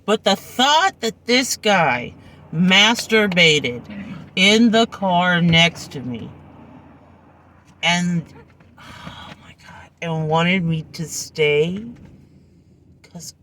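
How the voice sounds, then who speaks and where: A woman's voice: lowish voice, lively intonation, drawn-out words, a bit bright, a little hiss or hum. A woman telling a personal story in a casual vlog, acting out the people in it, recorded on a phone in her car.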